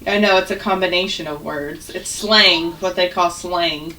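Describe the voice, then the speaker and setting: Woman, first grade teacher, video call lesson, exaggerated sounding out, slow, a bit off-mic. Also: fairly low pitch, sharp tone, distant mic, slight background noise, low-quality recording. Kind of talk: online phonics lesson. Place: home, on a video call with students.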